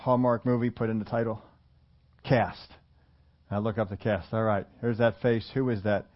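This man's voice sits on the low side, with fairly even intonation and normal speed. He's a pastor giving a conversational sermon peppered with questions to the congregation, captured in a muffled lo-fi recording.

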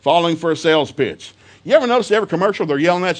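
A man's voice: a little high, lively intonation, rapid-fire. Brief: middle-aged male preacher, folksy humorous storyteller, laughs through his sermon.

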